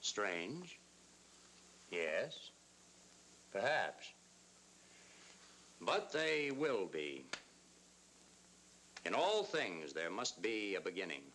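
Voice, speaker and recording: A smooth, sly townsman in an old Western, polished and effusive with a lively, rising-and-falling voice. Faint noise runs under the old soundtrack. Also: low voice, very slow, long pauses, full character voice. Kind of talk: 1940s Western film acting.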